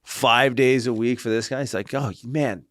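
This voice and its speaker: A man guesting on a podcast as a clinician, telling stories in an animated, casual way that often checks in with "right?" and swears freely. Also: mid-range voice, normal speed, clear, resonant tone, no room sound. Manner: animated, tags lines with "right?" and "like". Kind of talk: casual interview storytelling.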